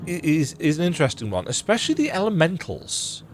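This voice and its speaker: A man's voice: fairly high pitch, big pitch swings, a little fast, faint music behind. A man casually commenting on a game he is playing, reading dialogue aloud in a playful, jokey way. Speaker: gaming video creator.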